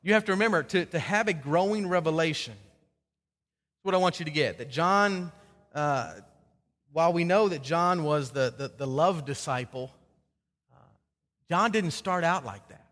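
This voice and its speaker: A man with a high, bright voice delivers a sermon, chatty and full of restarts and repeated words. He slips into quoted voices as he tells the story. His voice rings through a large reverberant hall. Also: normal speed, pauses often. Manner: acts out quoted speakers in dialogue. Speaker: pastor.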